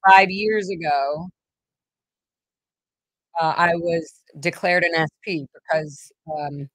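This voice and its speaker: A woman's voice: on the low side, fairly even intonation, slow pace, fairly bright tone, no room sound, low-quality recording. A woman hosting her own vlog, telling a personal story in a rambling, emotional way with many fillers and restarts. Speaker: vlog host.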